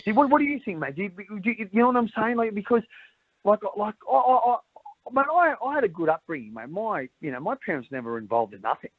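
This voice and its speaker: A middle-aged Australian man speaks candidly as an interview guest, rambling, repeating words and saying "mate" over and over. His high voice is very animated and fairly quick, with no room sound and a dry, tinny, phone-like quality.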